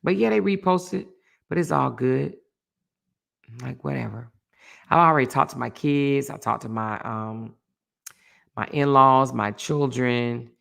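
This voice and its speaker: A middle-aged woman hosting a casual livestream chat and reading viewer comments aloud, animated and chatty, repeating phrases for emphasis. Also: rumbling low, vocal fry. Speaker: host.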